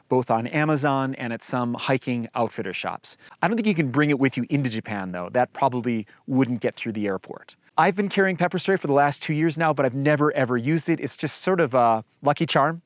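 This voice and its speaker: A man talking casually to camera, explaining outdoor safety in a relaxed, conversational way with a light joking touch. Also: mid-range voice, no echo, studio quality. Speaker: outdoor guide and vlogger.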